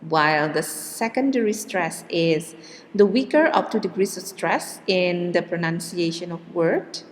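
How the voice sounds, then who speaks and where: Speaking at a measured pace in a fairly low voice, a woman patiently teaches English pronunciation in a recorded lecture, checking in with "okay" and repeating words with exaggerated stress, all with long hall reverb.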